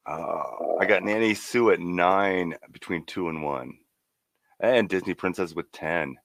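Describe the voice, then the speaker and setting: Deep voiced guy co-hosting, friendly, greets folks in the chat. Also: a little slow, fairly bright tone, dry recording. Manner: friendly, chatty, greets viewers. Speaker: live stream co-host. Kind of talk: casual live stream chat.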